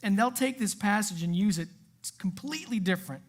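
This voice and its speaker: Casual, animated woman preaching a sermon. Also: mid-range voice, fairly quick. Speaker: youth pastor.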